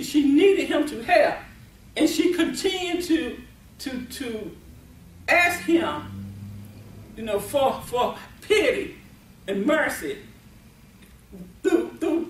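A woman preaching a sermon at a deliverance meeting, emphatic, laughing often and repeating and restarting her words. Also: sits high. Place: meeting venue. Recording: echoey room, voice from far off.

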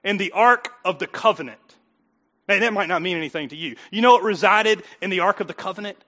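Male pastor, middle-aged, animated sermon delivery with jokes and acted-out voices; high, bright tone. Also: quick pace. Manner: animated, joking, acts out voices.

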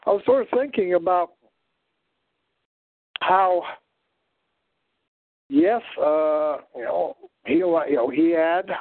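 A man's voice: fairly high pitch, takes it slowly, long pauses, no room sound, narrow, tinny audio. A tired man hosting a show, talking in a casual, meandering way with many fillers. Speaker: host. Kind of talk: casual rambling monologue.

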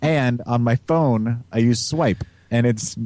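A man's voice: mid-range voice, slow pace, a little mellow, dry recording. A man hosting a podcast, rambling and joking with a giggly, casual manner. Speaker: podcast host. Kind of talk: casual chat.

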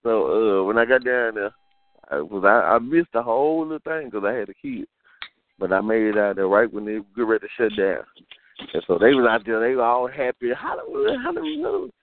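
A man's voice: lowish voice, brisk. A man co-hosting a casual podcast, telling stories with lots of acted-out quotes and laughter. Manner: animated storyteller, acts out quotes, laughs often. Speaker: podcast co-host. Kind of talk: casual storytelling banter. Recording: tinny phone-like sound with faint hiss.

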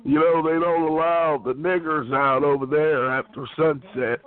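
A man's voice: fairly high pitch, steady tone, normal speed. A man calling into a chat line, speaking in a mocking, taunting way. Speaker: caller. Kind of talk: prank call chat. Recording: tinny phone line.

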